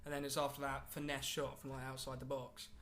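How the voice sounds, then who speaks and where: A man's voice: medium pitch, completely flat delivery, fairly quick, a bit bright, slight background noise. A man co-hosting a casual football podcast, talking in a rambling way with many fillers. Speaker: podcast co-host.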